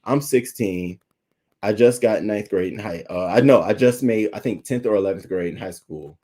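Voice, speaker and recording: A man's voice: on the low side, normal speed, warm tone. A young adult man hosting a livestream, talking candidly and emotionally to his chat, holding back tears and thanking viewers by name. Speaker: YouTube livestream host.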